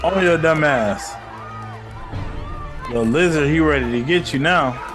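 Over music, with a crowd audible behind him, a man with a high-side voice hosts a casual film review podcast at an unhurried pace. He swears freely and tells the story animatedly, acting out quotes as he goes.

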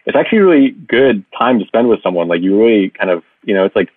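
A man's voice: on the low side, animated, quick pace, husky, no room sound. A man guesting on a podcast in casual chat, talking with many hesitant restarts. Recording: tinny phone-like line, dry.

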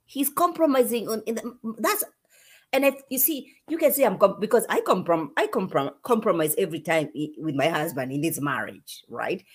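A married woman co-hosting a casual live recap chat, speaking in a measured way and often restarting her sentences. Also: medium pitch, big pitch swings, slightly rough. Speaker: co-host.

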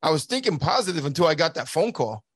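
A man's voice: on the high side, sing-song, fast talker, husky, dry recording. Earnest man telling a story, dry sound. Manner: earnest, acts out quoted dialogue; repeats and restarts words. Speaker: guest, former border agent. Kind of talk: conversational storytelling.

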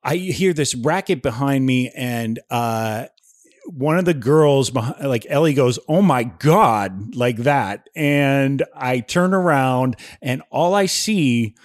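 On a podcast he co-hosts, a man slowly spins a story in casual chat, animatedly performing others' lines as he goes. His pitch is medium, and the recording is dry with a clean studio sound.

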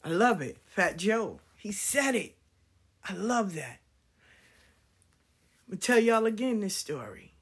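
A husky, slightly breathy woman in her fifties tells a personal story with heat. She is blunt and profane and speaks at a middle pitch. She talks casually and directly to her viewers. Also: sing-song, slow pace, long pauses.

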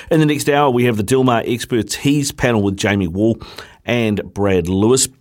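A man's voice: on the low side, a little mellow. A man with a New Zealand accent filling in as host on a sports radio show, chatting casually and reading out listener texts.

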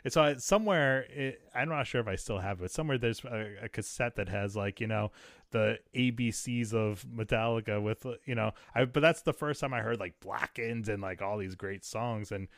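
A man's voice: on the low side, moderate pace, no room sound. A man in his forties hosting a casual chat, rambling with lots of fillers and restarts.

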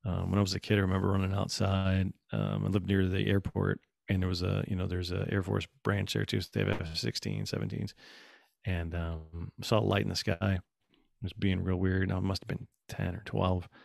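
A man in his thirties chatting casually, telling a story with lively acted-out quotes. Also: deep voice, normal speed, vocal fry, dry recording, studio quality. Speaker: guest. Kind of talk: casual conversation.

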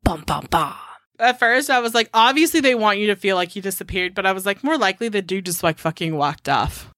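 A woman's voice: medium pitch, animated, fast, a bit bright, dry recording, clean studio sound. A woman co-hosting a podcast, casually recapping a film in a chatty, profane way and laughing often. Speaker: podcast co-host.

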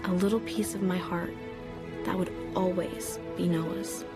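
Soft teen girl movie voiceover, thinking back on her romance, loud score under it. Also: lowish voice, fairly even intonation, measured pace, loud music behind the voice. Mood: wistful. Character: teenage girl narrating her own love story. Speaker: film narrator. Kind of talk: film voiceover narration.

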